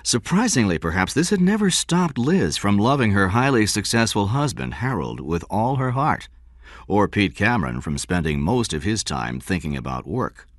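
A man reading a story aloud in scripted narration. His voice is low, yet his pitch rises and falls with great animation. The sound is dry and close. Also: very animated, moderate pace, dry recording. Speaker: audiobook narrator.

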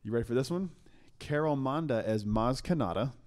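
A man's voice: mid-range voice, expressive, a little fast, darkish tone. A young man hosting a podcast, talking in a casual, enthusiastic and rambling way with many restarts. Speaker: podcast host. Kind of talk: casual chat.

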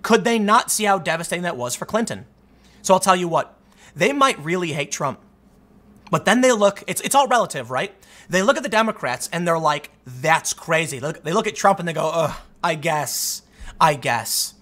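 A man giving solo political commentary, reading news quotes aloud and reacting, getting animated and repeating words when fired up. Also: high voice, fairly quick.

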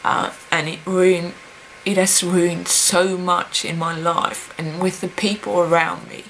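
A young woman speaking in a personal confessional vlog, hesitant and halting, with many pauses and fillers. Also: fairly low pitch, little pitch movement, gravelly, a bit bright, slight background noise, poor audio. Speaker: vlogger.

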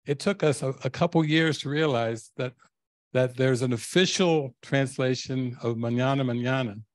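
A man's voice: mid-range voice, no room sound. An older man, a spiritual teacher, telling stories to a live audience and laughing often. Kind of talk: storytelling talk to a live audience.

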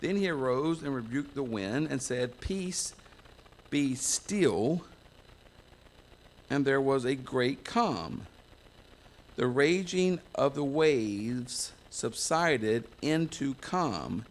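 Slow, gravelly American pastor preaching. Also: male voice, mid-range voice. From United States. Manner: folksy, self-mocking, digressive. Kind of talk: sermon. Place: church.

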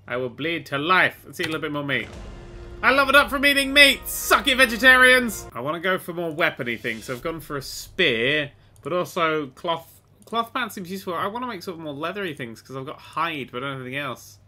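A young man commentating a survival game, excitable and sweary, often shouting at the creatures he fights. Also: fairly high pitch, fast, faint music behind. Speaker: gaming host. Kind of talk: let's play commentary.

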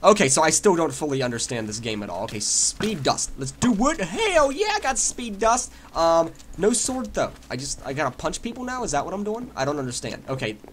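A young man giving excited gameplay commentary, trash-talking opponents and laughing at his own confusion. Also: a little high, a little fast, hardly any pauses, a little hiss or hum. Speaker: gaming YouTuber.

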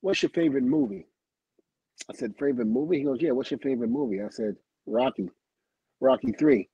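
This middle-aged man talks fast in a medium-pitched, slightly rough voice, recorded dry with the highs cut off. As a livestream guest he spins tales from his working life, imitating what others said, laughing frequently and swearing.

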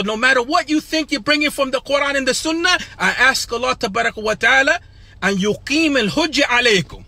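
A man's voice: very high voice, pushed and bright, breathy edge. A man speaking as an imam, confronting his audience with pointed rhetorical questions and blunt, repeated challenges. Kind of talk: impassioned talk.

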